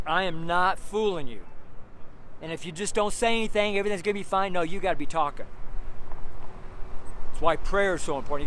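A man's voice: high voice, fairly bright tone. A man giving an earnest, rambling personal testimony as a street preacher, full of "you know" fillers and repeated phrases, recorded outdoors near street traffic.

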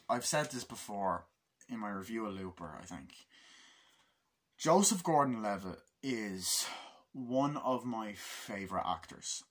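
A man giving a casual, rambling movie review. He swears freely and acts out scenes in quick put-on voices. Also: fairly low pitch, a bit bright.

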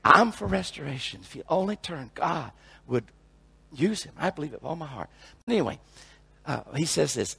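An older man preaching a sermon, telling a revival story that swings from quiet asides to loud shouting. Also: on the high side, animated, normal speed, gravelly, pauses often, husky, no room sound. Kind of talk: sermon with testimony.

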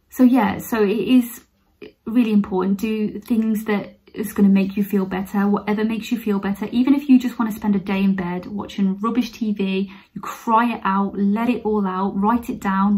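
Woman, nurse, candid heart-to-heart vlog, mid-pitched, earnest. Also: mellow, poor audio. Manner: earnest, open, turns emotional and teary at times. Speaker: nurse vlogger. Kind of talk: heartfelt personal talk to camera.

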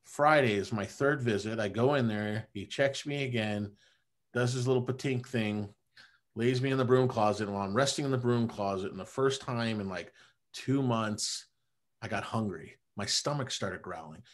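A man, a chiropractor guest on a podcast, telling a personal story in a casual, animated way and often dropping "man" and "you know". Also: fairly low pitch, normal speed.

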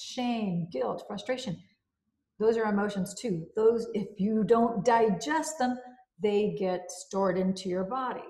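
A woman of middle pitch explains self-help ideas in a casual, conversational way. She circles back to key phrases and leans on everyday examples. Her voice rings a little in a roomy space. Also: darkish tone. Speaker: book reviewer.

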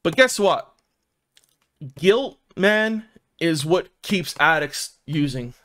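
A man's voice: a little high, animated, takes it slowly, fairly bright tone. Profane rambling Philly guy. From South Philadelphia, USA. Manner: rambling and profane, fills with "man" and "dude". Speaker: vlogger telling his own recovery story. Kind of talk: casual personal storytelling.

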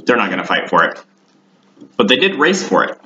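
A man hosting a casual home cooking vlog, rambling and deadpan with dark jokes, talking in his kitchen. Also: fairly low pitch, brisk, background noise. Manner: deadpan, darkly joking, rambling. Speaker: home cooking show host. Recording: echoey room, dull lo-fi sound.

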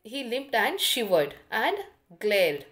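A woman's voice: fairly high pitch, very animated, takes it slowly, fairly bright tone. A woman teacher with an Indian accent, giving an online English lesson. She goes through a story line by line, repeating phrases and explaining the meaning of each word.

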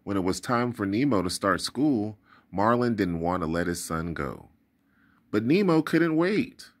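A man reading a children's storybook aloud in a deep, low voice. His delivery is expressive and dramatic, with lively rises and falls in pitch. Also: measured pace. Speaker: storybook reader. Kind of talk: read-aloud storybook narration.

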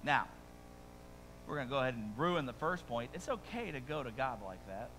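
A man preaching a sermon as pastor, conversational and animated, with quick asides and rising emphasis, speaking to a congregation in a church. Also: mid-range voice, slight background noise, low-quality recording. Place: church sanctuary before a congregation.

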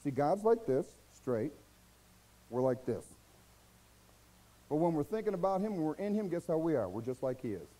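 A man's voice: on the high side, big pitch swings, normal speed, pauses often, dark tone, rough recording. A man with an American accent preaching a sermon as pastor, folksy and exhorting, asking rhetorical questions and mimicking his listeners' excuses.

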